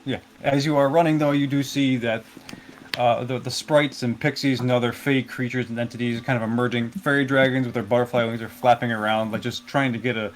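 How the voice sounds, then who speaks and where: A male game master narrating a tabletop fantasy scene in a loose, rambling way. His voice sits at an ordinary mid pitch and he pads his descriptions with fillers. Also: brisk. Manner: relaxed, rambling, full of fillers.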